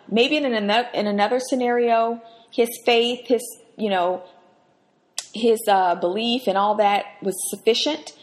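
A woman hosts a podcast offering earnest, emphatic devotional Bible teaching, her voice rising sharply whenever she acts out quotes. She speaks at normal speed with a fairly high pitch.

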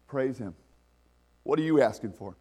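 A man preaching a conversational sermon as pastor, animated and laughing often. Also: mid-range voice, normal speed, slightly rough.

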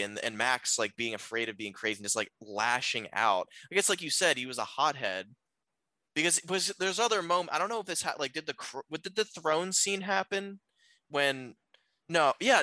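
A man's voice: mid-range voice, sharp tone, no room sound, poor audio. A man co-hosting a podcast, talking casually through a film's plot with many fillers and restarts. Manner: rambling, lots of fillers and restarts. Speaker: podcast co-host. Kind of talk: casual film discussion.

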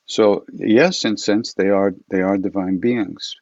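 Gravelly man telling stories at home. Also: fairly low pitch, slow pace, dull audio. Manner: relaxed, rambling, laughing storyteller. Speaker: chant leader. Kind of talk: casual storytelling to an online audience. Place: his home. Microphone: computer mic for an online event.

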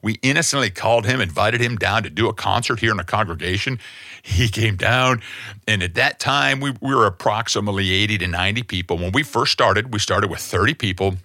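Middle-aged male pastor, emphatic conversational sermon delivery, bright forceful tone, dry close sound. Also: on the low side, brisk, no room sound. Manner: emphatic, conversational preaching with sudden loud peaks.

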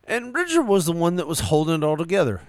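A man's voice: a little high, big pitch swings, fast talker, no echo, studio quality. A man co-hosting a podcast in casual chat, drunk, giggly and rambling, smoking a cigar at the mic. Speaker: podcast co-host.

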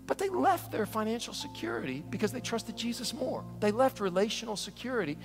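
A male pastor preaching a sermon in an animated, conversational way, often acting out stories. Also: extremely high pitch, brisk, faint music behind. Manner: animated, conversational, storytelling with quoted voices.

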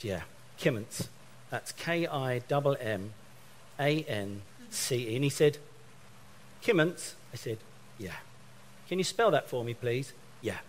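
A middle-aged man from England delivers a sermon in an animated storytelling way. He slips into other people's voices as he acts out phone conversations. His voice sits at an ordinary pitch for a man. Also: slight background noise. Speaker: preacher.

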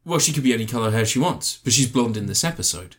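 A man's voice: medium pitch, fast talker. A man co-hosting a casual podcast, swearing freely and acting out quotes while he tells stories about reality TV. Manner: sweary, animated storytelling with put-on quotes. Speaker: podcast co-host. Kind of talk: casual chat, reviewing reality TV.

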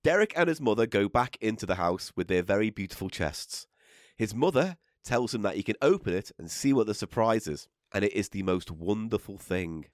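A man's voice: fairly low pitch, animated, fairly quick, no echo, clean studio sound. A man hosting a comedy podcast, teasing his co-hosts and laughing often. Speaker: podcast host. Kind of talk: casual comedy banter.

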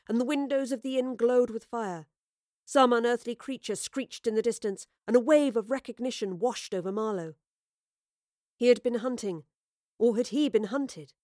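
A woman narrating an audio drama in a measured, expressive storytelling manner on a close studio mic. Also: on the high side, no room sound.

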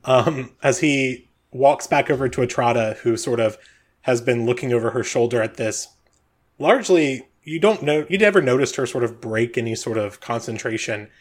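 A man narrating a tabletop game as game master, relaxed and loose. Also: medium pitch, normal speed. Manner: relaxed, with frequent "um"s.

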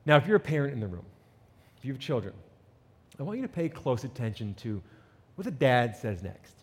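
A man preaching a sermon with an animated delivery, reading scripture and acting out the people in it. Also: medium pitch, brisk, in a large hall. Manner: animated preaching, reads scripture and acts out quotes. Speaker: pastor.

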